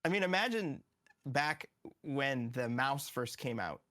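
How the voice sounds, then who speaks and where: A man's voice: mid-range voice, lively intonation, unhurried, bright, forceful tone. A man appearing as a game developer guest in a casual studio interview, eagerly explaining and acting out what players say.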